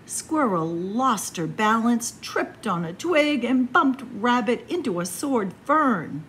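A woman, a children's librarian, reading a picture book aloud to kids in a slow, expressive storytelling voice. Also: a little high, slight background noise.

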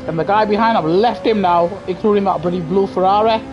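A man giving live commentary over his racing game through a gaming headset, muttering to himself and breaking into excited shouts. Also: sits high, fairly quick, dull audio. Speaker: gaming streamer. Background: game music and car engine sounds.

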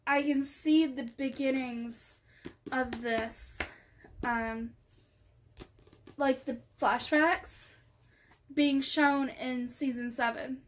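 A woman book vlogger chatting casually and gushing excitedly, often trailing off into soft asides. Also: high voice, drawn-out words, pauses often. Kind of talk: casual chat.

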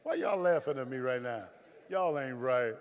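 A man with a Southern US accent preaching a sermon as pastor, telling folksy stories and swinging between loud firm emphasis and low confiding asides. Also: expressive, normal speed, lo-fi sound, a little hiss or hum. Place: church sanctuary. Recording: reverberant church hall.

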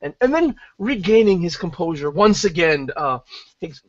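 Lively, rambling male gamer, dry sound. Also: high voice, normal speed, no echo. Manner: rambling, stammering. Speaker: player. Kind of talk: narrating his character's actions. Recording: dry, muffled lo-fi recording.

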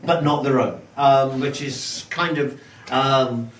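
A man co-hosting a casual political chat, rambling and ironic with many pauses. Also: medium pitch, steady tone, a little hiss or hum. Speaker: podcast co-host. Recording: echoey room, distant mic.

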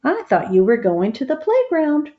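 A calm, patient father who speaks gently and evenly, read by a woman. He is a quiet storybook dad, heard through a slightly muffled recording. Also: high voice, moderate pace, pitched above the performer's own voice.

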